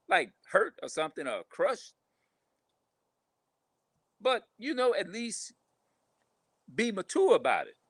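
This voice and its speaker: A man ranting casually to camera, talking rough, profane and repetitive, sounding frustrated. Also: a little high, fairly bright tone, no echo. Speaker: vlogger.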